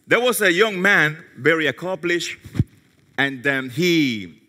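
A male pastor preaching a sermon, telling a story and dropping softly into quoted prayers. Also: a little high, lively intonation, takes it slowly. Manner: storytelling, drops to soft tones for quoted prayers. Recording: long hall reverb.

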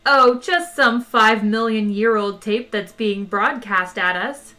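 A woman voicing a cheery talking ship computer in a storybook reading, loud and chirpy. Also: a little high, takes it slowly, faint music behind.

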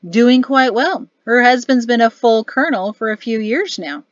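A woman voicing a hearty, boastful older male general who teases and barks his words loudly. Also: expressive, moderate pace, dry recording, highs cut off, natural voice. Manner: booming, barking laughter.

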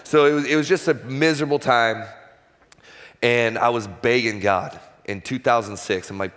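A man's voice: mid-range voice, moderate pace. Man telling his story in a reverberant hall. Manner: conversational, animated storytelling. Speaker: guest speaker. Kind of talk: personal testimony talk. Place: large church auditorium.

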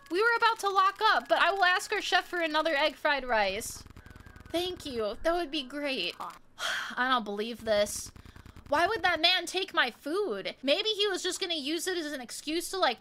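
Woman gamer swearing nonstop, sarcastic rants, bright sharp voice. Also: sits high. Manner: profane, ranting, sarcastic. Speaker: gaming video host. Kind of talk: crude comedic game commentary.

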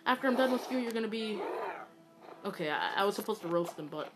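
A woman giving excitable, ranting commentary while playing a mobile game, swinging between yelling and muttering. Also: medium pitch, fast. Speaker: gaming YouTuber. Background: loud game music.

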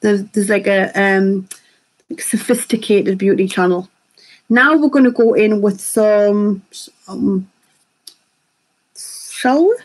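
A woman, chatting quickly while hosting a live makeup tutorial and reading viewer comments aloud. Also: medium pitch, poor audio. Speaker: beauty vlogger hosting a live stream.

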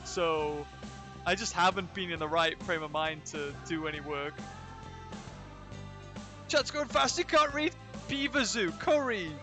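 High-voiced man streaming a zoo game. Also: bright, forceful tone. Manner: chatty, reads and answers live chat while playing. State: recovering from illness. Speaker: let's play streamer. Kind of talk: casual livestream commentary.

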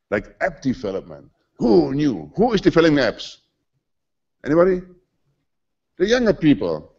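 A man's voice: mid-range voice, a little mellow, husky, highs cut off. German-accented man giving a conference talk. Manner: conversational, emphatic, slightly non-native phrasing. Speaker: conference speaker. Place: conference hall.

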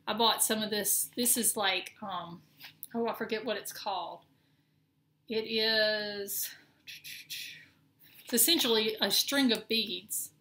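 A woman's voice: mid-range voice, pushed and bright, slight background noise. A middle-aged woman with a Southern accent, chatting casually and rambling a little as she shows her cross-stitch projects. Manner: chatty, rambling, with many ums and restarts. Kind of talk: casual show-and-tell.

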